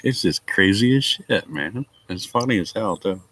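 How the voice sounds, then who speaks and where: A livestream host chats casually with his viewers, laughing often and swearing offhandedly. His voice is fairly low, a bit bright and animated, at a moderate pace, with no room sound.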